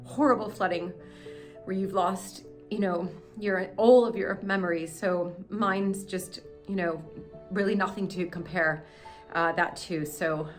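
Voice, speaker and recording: A woman's voice: lowish voice, fairly even intonation, unhurried, faint music behind. An American woman filming herself in a cellar, talking in an emotional, rambling and apologetic way. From United States. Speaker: host. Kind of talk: casual vlog narration. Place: indoor cellar. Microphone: handheld camera she is filming with.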